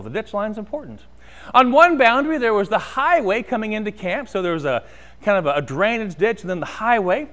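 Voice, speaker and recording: A man preaching a sermon in a church sanctuary, telling a personal story in an animated, conversational way. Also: high voice. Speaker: pastor.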